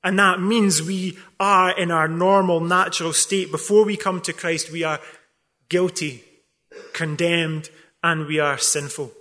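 A man's voice: fairly high pitch, steady tone, a little slow, bright, forceful tone. A man preaching a sermon as pastor, emphatic and full of rhetorical questions, with wry asides. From not from England.

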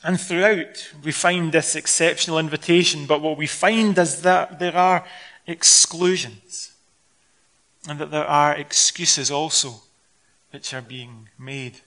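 High-voiced Scottish man preaching. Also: measured pace. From Scotland. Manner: conversational and expressive, acts out scenes. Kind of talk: sermon.

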